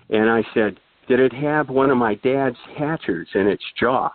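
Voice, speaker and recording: A guest storyteller, an older man with a mid-range voice, rambles through a long casual anecdote at a moderate pace with few pauses, full of fillers and restarts. There's no echo; the sound is dry and thin, phone-like.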